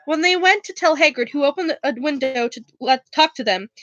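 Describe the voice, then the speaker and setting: A woman reading a novel aloud in a casual book club style, stumbling over words and correcting herself as she goes. Her voice is high. The recording is dry and close, with a dull, lo-fi edge. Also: lively intonation, a little fast, a bit bright, no room sound.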